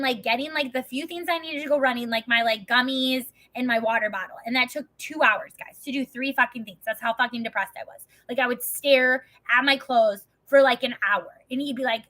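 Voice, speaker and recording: A woman's voice: high voice, bright, forceful tone. A young adult woman in casual, rambling chat, swearing often and saying "like" constantly. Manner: rambling, profane, heavy filler "like". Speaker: vlogger.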